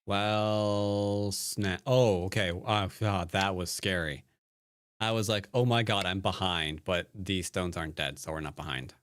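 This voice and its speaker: A man's voice: low-pitched, measured pace, dry recording. A man who plays and teaches Go, giving casual live-stream commentary while he plays, rambling and joking to himself and often trailing off into mutters. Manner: joking, wry asides. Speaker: Go player and teacher streaming a game.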